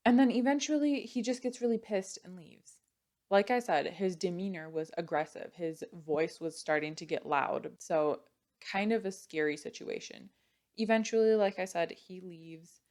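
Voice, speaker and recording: A woman's voice: on the low side, normal speed. A young woman casually retelling a true crime story, chatty and full of "like" and "you know".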